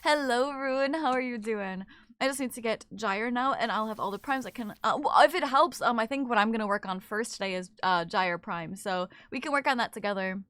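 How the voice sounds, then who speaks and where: A young adult woman streaming games, chatting casually and reading her chat aloud in quick, excited bursts. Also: a little high, clear, resonant tone, no room sound. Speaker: game streamer.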